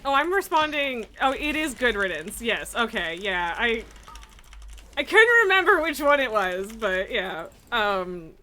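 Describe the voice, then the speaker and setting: Slow-talking bright woman streamer. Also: a little high, sing-song. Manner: laughs often, swears casually. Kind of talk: casual chat while gaming.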